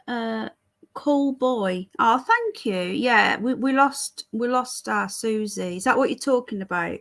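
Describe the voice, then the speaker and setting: On a casual livestream, a British woman with a British English accent meanders through conversation while answering viewer messages live. She speaks slowly in a slightly high, expressive voice that's gravelly and a bit bright.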